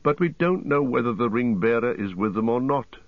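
A man voicing a weary, grim male ranger and leader, speaking gravely. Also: mid-range voice, animated, a little fast, no room sound, phone-quality sound, pitched above the performer's own voice, lightly acted.

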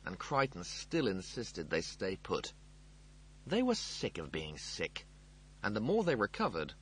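A man reading a comic novel aloud as narrator, in a wry and expressive storytelling manner. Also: fairly low pitch, husky. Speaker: audiobook narrator. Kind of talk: scripted narration.

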